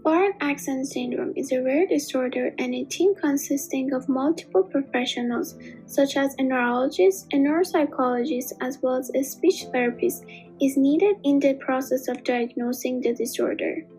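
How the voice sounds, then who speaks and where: High-voiced woman narrating a lesson. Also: moderate pace, poor audio. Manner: even, explanatory reading. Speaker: narrator of an educational video. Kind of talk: scripted narration. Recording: faint music behind the voice.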